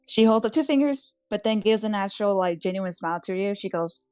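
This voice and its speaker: A woman's voice: medium pitch, animated, a little fast, few pauses, smooth, no echo. A woman narrating her character's actions in a tabletop game, in a loose, descriptive way. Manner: descriptive, with frequent "kinda" and "she goes". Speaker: player.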